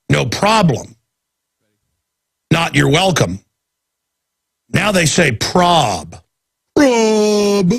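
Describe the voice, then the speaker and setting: A Texan man rants through a talk radio monologue, mocking the people he describes. His voice is gravelly and husky and sits fairly high for a man. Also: a bit bright. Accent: Texas. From Texas. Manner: ranting, mocking impressions. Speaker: radio show host.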